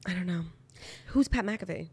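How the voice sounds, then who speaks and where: A woman co-hosting a podcast, chatting about celebrity gossip in an animated, opinionated way and saying "like" a lot. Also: lowish voice, moderate pace, breathy edge. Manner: opinionated, animated, heavy use of "like". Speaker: podcast co-host. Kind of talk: casual celebrity gossip chat.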